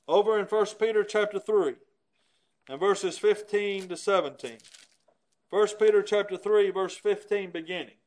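A man's voice: sits high, low-quality recording. A man preaching a sermon in an earnest, emphatic way, often asking rhetorical questions.

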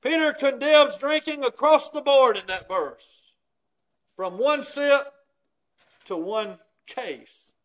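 Preacher, male, very high voice, emphatic teaching sermon delivery. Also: slow pace, fairly bright tone. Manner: emphatic, explains scripture with everyday examples.

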